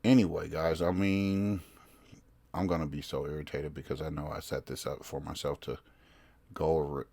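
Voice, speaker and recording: A man's voice: a bass voice, little pitch movement, moderate pace, gravelly, dark tone. A man hosting his own podcast, reading news articles aloud and commenting in a casual, rambling way, often stopping to search for his place. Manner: rambling, self-interrupting, reads articles aloud. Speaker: podcast host.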